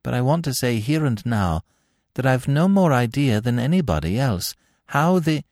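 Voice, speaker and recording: A man's voice: lowish voice, normal speed, darkish tone, dry recording, clean studio sound, close to an everyday voice. A man voicing a nervous male prison warder who answers in a subdued, hesitant, dogged way in an audiobook reading.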